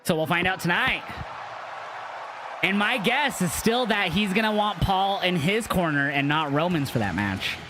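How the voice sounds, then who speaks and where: A man's voice: high-pitched, lively intonation, moderate pace, noisy background. A young man making casual, wisecracking live reaction commentary as a streamer, swearing now and then.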